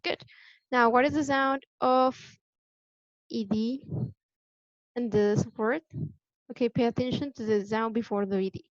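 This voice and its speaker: A woman teaching English pronunciation in a patient, deliberate way, repeating the key points for her students. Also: on the high side, steady tone, no echo. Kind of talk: classroom lesson explanation. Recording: dull lo-fi sound, dry.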